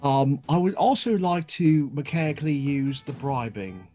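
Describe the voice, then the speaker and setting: A man's voice: a little high, animated, moderate pace, mellow, faint music behind. A man playing a tabletop game, joking and flirting playfully in character talk. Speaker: player.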